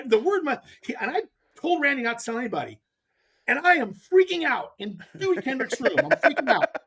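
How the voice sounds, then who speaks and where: Animated man telling a fishing story. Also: very high voice. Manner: animated, emphatic, rambling. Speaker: guest angler. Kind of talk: casual storytelling.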